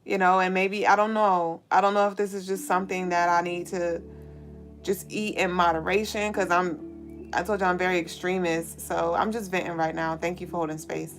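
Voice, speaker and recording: A woman's voice: lowish voice, level tone, normal speed, faint music behind. A woman hosting a spiritual show, talking casually and candidly to viewers, swearing freely while holding back tears. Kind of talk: casual venting monologue to viewers.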